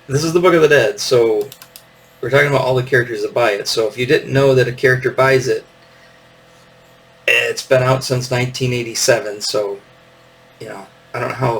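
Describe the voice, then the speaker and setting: A man's voice: medium pitch, a bit bright, distant mic, slight background noise, rough recording. A man in his fifties hosting a casual show-and-tell, meandering with lots of fillers and little chuckles. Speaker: podcast host.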